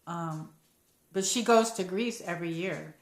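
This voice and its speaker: Brief: American woman, live-chat host, casual and meandering, slightly low voice, echoey home room. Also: measured pace. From United States. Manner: rambling, chatty, reads out viewer comments. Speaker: livestream host.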